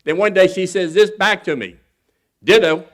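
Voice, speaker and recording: A man with a somewhat higher-than-usual voice shares his own recovery story before a convention crowd. He talks in a folksy, candid way, earnest at heart with flashes of humor. He briefly mimics other people when he quotes them. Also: a little fast, fairly bright tone. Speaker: guest speaker at a recovery convention. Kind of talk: personal recovery story talk.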